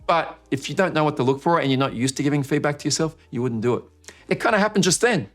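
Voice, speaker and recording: Man coaching live to camera. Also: quick pace. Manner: energetic, swings pitch up and down to show a point. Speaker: marketing coach. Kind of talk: live online training session. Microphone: speaking to camera.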